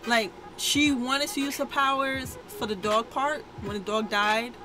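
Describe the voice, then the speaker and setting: A woman's voice: a little high, measured pace, over music, poor audio. A woman co-hosting a reaction video, recapping an episode in casual, slangy chat.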